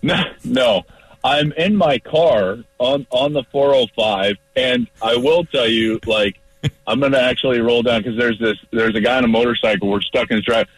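A man's voice: medium pitch, moderate pace, slightly rough, no echo, rough recording. A man calling in to a sports radio show from his car as a football analyst guest, talking in an emphatic, blunt, fired-up way.

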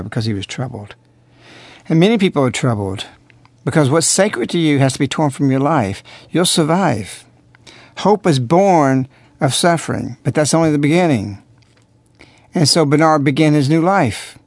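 A man's voice: fairly high pitch, dry recording. A man giving earnest religious commentary on a radio program, preaching and asking rhetorical questions. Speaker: radio host.

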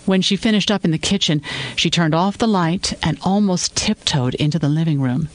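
Brief: male narrator for a fiction podcast, slightly higher voice, measured and even. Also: rough recording.

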